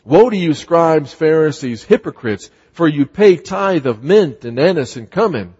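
A man's voice: on the high side, animated, measured pace, a little mellow, slightly rough. A man preaching a sermon, emphatic, often repeating words and acting out scripture quotes. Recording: muffled sound with long hall reverb.

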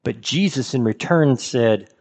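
A man's voice: mid-range voice, lively intonation, unhurried, darkish tone. A man preaching a sermon in a conversational way, asking his listeners rhetorical questions. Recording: reverberant hall.

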